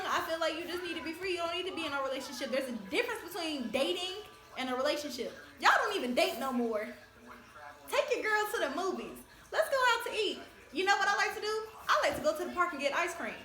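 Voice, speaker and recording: A woman's voice: very high voice, pushed and bright. A woman hosting a casual discussion, talking emphatically in a lecturing way and laughing often. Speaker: host. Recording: echoey room.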